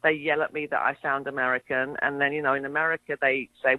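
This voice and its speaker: A woman's voice: extremely low pitch, flat delivery, quick pace. A middle-aged English woman with a mid-Atlantic accent, a guest actress telling stories chattily with lots of fillers and restarts. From England. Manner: chatty, many fillers and restarts, laughs easily. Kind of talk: casual interview storytelling. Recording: tinny dry phone line.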